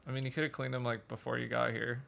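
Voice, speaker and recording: A man's voice: mid-range voice, flat delivery, quick pace, gravelly, fairly bright tone. A man hosting a podcast in a studio, chatting casually with a laid-back, dry, teasing manner. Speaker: podcast host. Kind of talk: casual chat. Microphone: studio mic.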